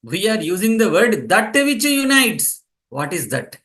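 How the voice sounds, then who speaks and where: A man teaching a class, explaining slowly and repeating key phrases for students taking notes. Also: high-pitched, very animated, fairly bright tone. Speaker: yoga teacher. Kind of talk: classroom lecture.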